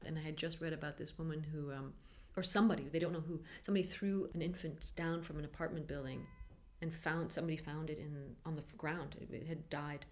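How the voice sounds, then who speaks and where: A woman in her thirties talking frankly in an interview, halting often and laughing as she talks. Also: low voice, fairly even intonation, a little mellow. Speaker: interviewee, mother. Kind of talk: candid interview.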